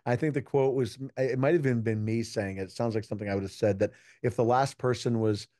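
An American man, a keynote speaker and juggler appearing as a podcast guest, tells stories earnestly and reflectively in a casual interview, quoting dialogue along the way. His mid-range voice is mellow with fairly even intonation and a quick pace. The recording is dry and clean, studio quality.

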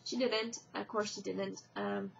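A young woman talks to her camera in a loose, rambling vlog, filling every pause with fillers and restarting her sentences. Her voice carries a gravelly fry. The webcam audio is muffled and lo-fi, with a faint hiss underneath. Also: mid-range voice, little pitch movement. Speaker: vlogger. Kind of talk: casual confessional vlog.

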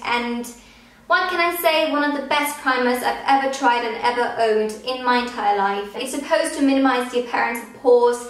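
A woman's voice: fairly high pitch, a bit bright. A young woman vlogger giving a casual, gushing review of beauty products. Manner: gushing, enthusiastic. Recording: very echoey room.

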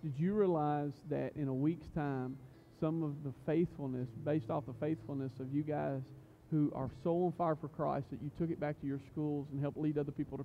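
A fairly high-voiced man leads a youth service in church, preaching loosely and cracking jokes. He stumbles through fillers and restarts. The recording sounds dull and lo-fi. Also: slight background noise. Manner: chatty, joking, full of fillers and restarts. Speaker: youth pastor. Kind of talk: casual youth sermon. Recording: muffled lo-fi recording.

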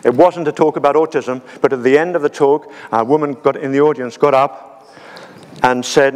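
A man's voice: mid-range voice, fairly even intonation, moderate pace. A man giving a conference talk with slides, hesitant, with many ums and restarts. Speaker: conference speaker. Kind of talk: lecture with slides. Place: conference hall. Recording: long reverb of a conference hall.

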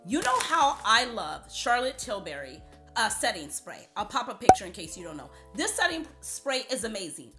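A woman's voice: on the high side, very animated, normal speed, over music. A woman beauty vlogger with a scratchy voice, chatting casually and playfully to camera.

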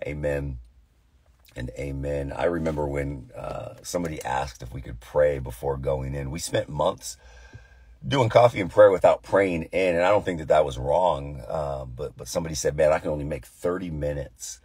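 A pastor praying and then talking casually about scripture, with a deep, tired voice and an earnest, conversational manner full of fillers and restarts. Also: male voice, moderate pace, a little mellow, husky, no room sound. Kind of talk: prayer and casual devotional talk.

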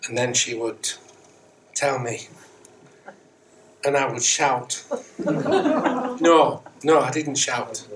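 A man's voice: medium pitch, wildly swooping pitch, extremely slow, long pauses. A middle-aged man giving a Sunday sermon in church, chatty and self-mocking, with repeated rhetorical questions. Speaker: Methodist minister. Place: church sanctuary, indoors. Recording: distant church mic with faint hiss.

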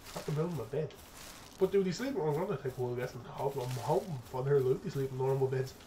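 A young man giving casual let's-play commentary, excitable and profane, chattering to his in-game pet as he plays. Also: medium pitch, quick pace, a little hiss or hum. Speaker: gaming streamer.

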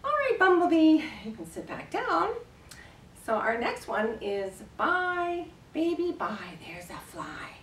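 A woman librarian leading babies and parents through rhymes and action songs, gentle and playful, with exaggerated gasps and animal sounds. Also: high voice, sing-song, slow pace, slight background noise. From Canada. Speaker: children's librarian leading baby rhyme time. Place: library program room, recorded on camera. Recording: echoey room, camera at a distance.

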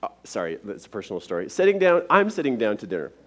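A man's voice: lowish voice, fast. A man giving a motivational seminar talk, telling a personal story to a live audience and acting out the dialogue. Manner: animated, acts out the dialogue in his stories. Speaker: motivational speaker.

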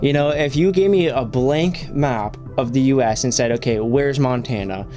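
A man's voice: mid-range voice, normal speed, mellow, faint music behind. A man hosting a reaction video, rambling in casual commentary, swearing often and filling his talk with "like".

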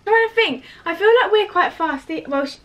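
A woman's voice: extremely high pitch, lively intonation, brisk, dull audio. A young woman vlogging with her sister, hesitant and squeamish, chatting casually at home. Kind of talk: casual chat.

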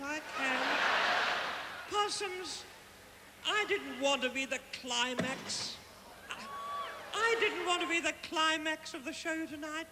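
A man playing a flamboyant, gushing aging Australian housewife diva with an Australian accent, giving a live comic stage introduction. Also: very high voice. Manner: theatrical, gushing, cheekily condescending. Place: huge outdoor concert at a palace. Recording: echoey live arena with loud crowd noise.

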